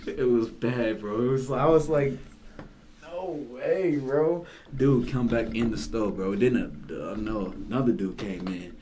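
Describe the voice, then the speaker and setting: A man's voice: on the low side, moderate pace, hardly any pauses, crowd noise. A young man in his twenties hosting a podcast, telling stories in casual slang with lots of "bro.". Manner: slangy, animated storytelling. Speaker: podcast host. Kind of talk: casual chat. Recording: noisy background.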